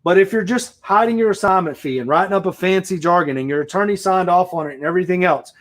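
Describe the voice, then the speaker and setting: Man, fairly high voice, blunt profane rant, emphatic and repetitive. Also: fast, hardly any pauses, a bit bright. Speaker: real estate investor. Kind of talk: profane opinion rant to camera.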